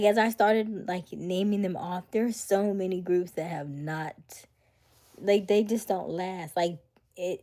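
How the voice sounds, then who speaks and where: A woman's voice: fairly low pitch, mellow. A young woman hosting a casual livestream, chatting and reading viewer comments, sometimes slipping into a whisper. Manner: chatty, drops to a whisper at times. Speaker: livestream host reading chat. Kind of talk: casual live chat.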